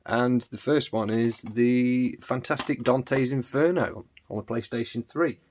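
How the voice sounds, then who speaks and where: A man's voice: mid-range voice, unhurried, a little mellow, a little hiss or hum. A man hosting a gaming channel, chatting and joking casually as he unboxes and plays games, with sudden exclamations. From England. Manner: chatty and jokey, exclaims while playing. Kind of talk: casual gameplay commentary.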